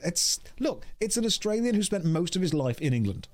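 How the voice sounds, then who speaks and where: A man livestreaming a game, rambling and joking as he reads chat aloud. His pitch swings up and down in a lively way, and faint background music plays under his voice. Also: fast.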